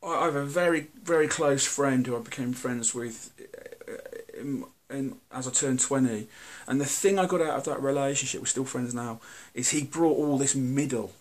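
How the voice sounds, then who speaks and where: A British man talking to camera in a candid, earnest monologue, blunt and halting, often restarting his sentences. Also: mid-range voice. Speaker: video host.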